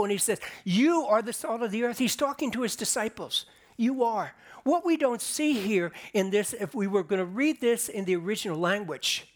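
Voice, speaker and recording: A man delivering a sermon as a pastor, explaining scripture in a conversational way and rising for emphasis. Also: high-pitched. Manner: conversational preaching with restarts and emphatic rises. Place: church sanctuary.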